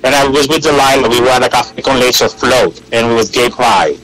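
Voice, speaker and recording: A man guest telling animated stories in a casual interview, acting out what people said. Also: mid-range voice, brisk, poor audio. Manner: animated, acts out quoted voices, frequent restarts. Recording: radio interview with loud music and crowd behind.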